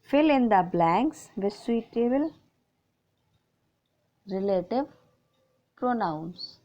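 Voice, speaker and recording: A woman teacher with an Indian English accent has a medium-pitched, darkish voice with lively intonation, speaking slowly and pausing often; the highs are cut off. She patiently goes through school book grammar exercises, reading the sentences and repeating the answers.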